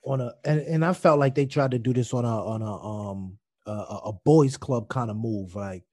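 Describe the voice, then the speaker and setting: A man co-hosting a casual movie review chat, relaxed and slangy, often restarting mid-sentence. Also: mid-range voice, moderate pace, no echo, studio quality. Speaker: podcast co-host.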